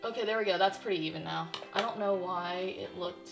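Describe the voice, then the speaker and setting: A young woman vlogging casually in front of a mirror, excitable and gushing, often gasping and exclaiming. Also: lowish voice, a little fast, gravelly. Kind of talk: casual vlog chat. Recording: roomy echo with faint background music.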